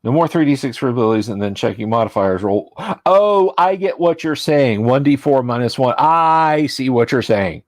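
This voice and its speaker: A man's voice: mid-range voice, animated, normal speed, hardly any pauses, no echo. A man hosting a casual livestream as game master, talking in a rambling, chatty and self-deprecating way, his voice tired from talking all day.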